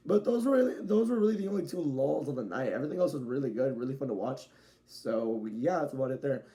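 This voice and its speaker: A man's voice: medium pitch, animated, quick pace, warm tone. A young man casually reviewing a wrestling show in a loose, rambling way, often correcting himself and using slang.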